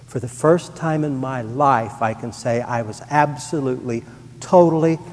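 A man's voice: medium pitch, normal speed, darkish tone, in a large hall. A middle-aged man giving a personal testimony to a congregation, earnest and rising to emphatic. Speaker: church member giving testimony.

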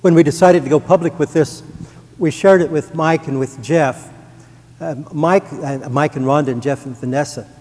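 A man's voice: fairly high pitch, normal speed, darkish tone, in a large hall. A middle-aged man giving a personal testimony to a congregation, earnest and rising to emphatic. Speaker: church member giving testimony.

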